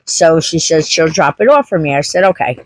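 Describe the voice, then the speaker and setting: A woman's voice: sits low, animated, a little fast, dry recording, poor audio. A woman homestead vlogger chatting casually to camera, telling a story with acted-out quotes.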